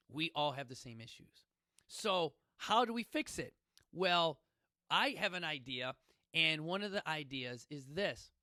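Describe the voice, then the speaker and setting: A man's voice: on the high side, bright, forceful tone, no echo, studio quality. A middle-aged man hosting a podcast, telling stories in a casual, emphatic, folksy way and often asking listeners questions. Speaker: podcast host. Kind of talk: casual storytelling talk.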